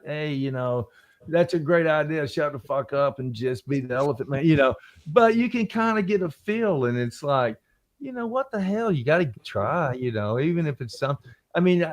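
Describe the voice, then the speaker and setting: A man, an actor guest, telling anecdotes in casual chat and acting out the voices of people he quotes. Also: a little high. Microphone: video call stream.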